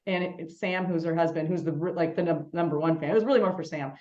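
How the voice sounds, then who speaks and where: A woman co-hosting a podcast, an animated storyteller in casual chat. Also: lowish voice, highs cut off. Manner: animated storyteller, quick and chatty. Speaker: podcast co-host.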